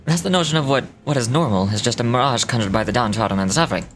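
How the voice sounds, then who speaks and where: Woman voicing a smug male hustler, very deep voice, quick patter. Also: slight background noise. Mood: smug lecturing. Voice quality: smug, lecturing. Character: pompous fast-talking male city hustler.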